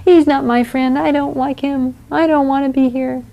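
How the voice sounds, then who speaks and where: A woman's voice: sits high, steady tone, normal speed, creaky, warm tone, muffled recording, voice pushed up. A woman voicing an upset little girl who whines and protests at her mother. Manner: whiny, protesting.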